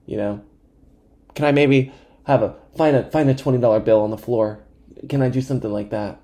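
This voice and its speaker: A man in his twenties hosting a podcast, telling comic stories about himself in an animated, self-mocking way and swearing freely. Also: mid-range voice, fairly quick. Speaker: podcast host. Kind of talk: comedic storytelling monologue.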